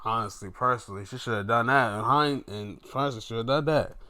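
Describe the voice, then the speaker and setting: A man giving a casual solo wrestling review, animated and swearing freely as he recounts the action. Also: medium pitch, a little fast.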